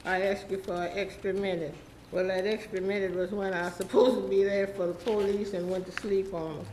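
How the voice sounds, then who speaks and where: A woman's voice: mid-range voice, level tone, a little fast, darkish tone, echoey room, slight background noise, rough recording. Elderly woman, rambling and pleading. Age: 80s. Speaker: public commenter at city council. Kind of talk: public comment speech. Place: city council chamber.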